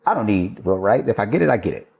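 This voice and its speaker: A man, an architect and podcast guest, telling a candid, animated story in casual conversation and now and then swearing. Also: fairly low pitch, fast talker, creaky.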